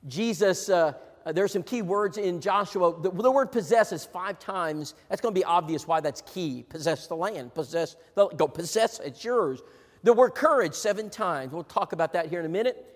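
Middle-aged male preacher with a high voice, hushed then rousing, in a reverberant hall. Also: expressive, moderate pace. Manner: emphatic, repetitive, swings between hushed and rousing. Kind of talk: sermon. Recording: long reverb in a large hall.

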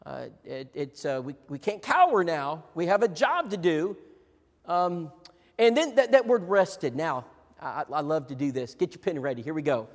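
High-voiced preacher in an echoing hall. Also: male voice, lively intonation, normal speed. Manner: emphatic, repetitive, swings between hushed and rousing. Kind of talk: sermon. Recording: long reverb in a large hall.

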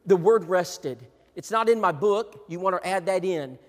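Middle-aged male preacher with a high voice, hushed then rousing, in a reverberant hall. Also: normal speed. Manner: emphatic, repetitive, swings between hushed and rousing. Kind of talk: sermon. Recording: long reverb in a large hall.

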